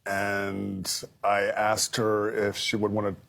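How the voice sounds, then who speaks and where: A man talks slowly in a fairly low voice during a live studio interview. He reflects with pauses, restarts and filler words. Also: completely flat delivery, gravelly, fairly bright tone. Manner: halting, reflective, many fillers. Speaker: correspondent interviewed on air.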